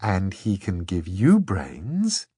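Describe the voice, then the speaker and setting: A man voicing a sweet, teasing young woman, speaking slowly. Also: low voice, wildly swooping pitch, dark tone, slightly rough, no echo, full character voice.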